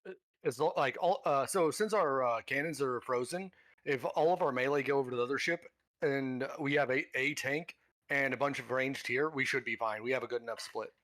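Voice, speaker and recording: A man's voice: mid-range voice, brisk, a bit bright. A man in a game voice chat explaining mechanics with hesitant restarts and fillers. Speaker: raid member.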